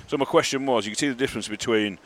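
A man's voice: mid-range voice, very fast, fairly bright tone. A man co-hosting a podcast, rambling through his points and often checking whether he is understood. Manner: rambling, asks for agreement. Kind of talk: casual podcast chat.

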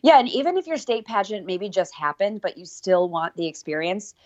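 A woman's voice: medium pitch, brisk, darkish tone, dry recording. Upbeat woman co-hosting a podcast, slightly dull sound. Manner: upbeat, casual, talks to listeners directly. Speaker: podcast co-host. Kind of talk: casual podcast chat.

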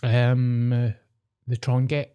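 A man with a warm, mellow voice, co-hosting a podcast. He chats casually and throws in dry, sweary asides. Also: mid-range voice, monotone, takes it slowly, clean tone. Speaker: podcast co-host. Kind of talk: casual chat.

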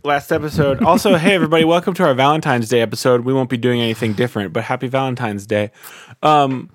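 A man's voice: mid-range voice, fast. A man hosting a casual group podcast, telling a story with lots of laughter. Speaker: podcast host.

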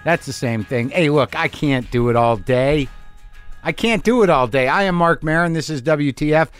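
A man's voice: a little high, moderate pace, smooth, dry recording, soft background music. A middle-aged man hosting a podcast from his home garage, delivering a casual comic monologue in a wry, self-deprecating, ranting way. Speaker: podcast host.

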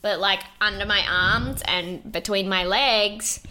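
A woman's voice: medium pitch, slow. A young woman, chatting casually on a podcast, swearing often and laughing as she tells stories. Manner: swears a lot, laughs often, animated storytelling.

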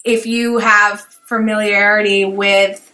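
Casting: woman podcast host, bright forward tone, casual and chatty. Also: mid-range voice, flat delivery, slow pace. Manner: casual, many "like" fillers, thinking aloud. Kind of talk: podcast conversation.

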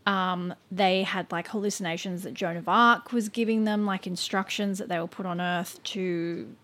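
A woman's voice: medium pitch, steady tone, normal speed, a bit bright. A woman co-hosting a podcast, telling a story in a casual, chatty way full of "like" and "um" and stumbling over names. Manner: chatty, filler-heavy with frequent "like" and "um".

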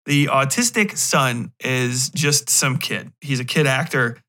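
A man's voice: mid-range voice, expressive, takes it slowly, pushed and bright. Guy hosting a podcast, rambly and frank, casual movie rant. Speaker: podcast host. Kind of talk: casual movie review monologue.

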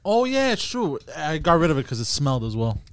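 A man's voice: fairly high pitch, sing-song, brisk, no room sound. A man on a podcast in casual chat, sheepish and hesitant with fillers.

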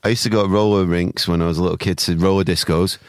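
A man's voice: deep voice, steady tone, fast talker, no room sound. A man co-hosting a podcast in casual chat, blunt, sweary and jokey. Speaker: podcast co-host.

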